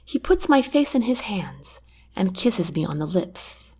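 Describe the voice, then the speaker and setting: A woman reading a first-person romance audiobook in an expressive storytelling manner. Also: mid-range voice, unhurried, breathy edge. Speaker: audiobook narrator.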